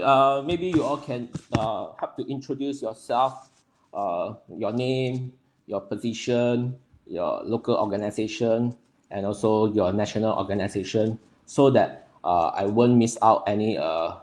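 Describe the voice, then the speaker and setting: A young man from Nepal, hosting a livestream and greeting viewers by name in a friendly, halting way full of fillers. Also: fairly low pitch. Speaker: livestream host.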